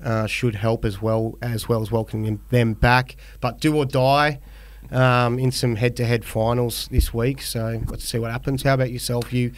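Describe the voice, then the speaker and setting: A man's voice: mid-range voice, normal speed. A man with an Australian accent co-hosting a fantasy footy podcast, chatting casually and rambling with lots of fillers. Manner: rambling, relaxed, many fillers. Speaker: podcast co-host. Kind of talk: casual chat.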